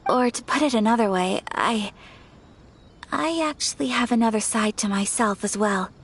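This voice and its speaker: A woman voicing a gentle, composed and polite young noblewoman in a video game, speaking in a soft, measured and formal way. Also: a little high, breathy edge. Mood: confiding. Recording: game audio with faint background music. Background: game music.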